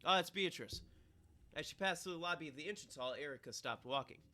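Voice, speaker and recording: A man reads a visual novel aloud on a live stream, his voice bright and forward. Between passages he rants casually and swears, with no polish. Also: fairly high pitch, fast talker. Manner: reads narration flatly, then swears and rants loudly. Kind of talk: casual let's-play reading and commentary.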